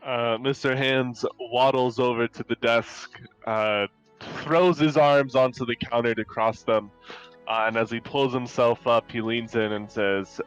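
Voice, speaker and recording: A man's voice: medium pitch, steady tone, a little slow, clear, resonant tone, highs cut off, faint music behind. A man playing in a tabletop game, narrating hesitantly with fillers. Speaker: player.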